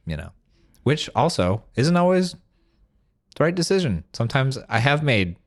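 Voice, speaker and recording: A man co-hosting a casual recovery podcast, talking reflectively with many pauses and fillers. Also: mid-range voice, big pitch swings. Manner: reflective, hesitant, trailing fillers. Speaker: podcast co-host. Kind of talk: casual chat.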